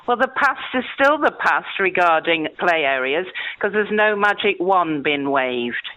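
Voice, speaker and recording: A woman's voice: lowish voice, sing-song, a little slow, pushed and bright, no room sound. An older woman calling a radio phone-in, chatty, a little nervous and indignant. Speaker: caller. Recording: tinny phone line.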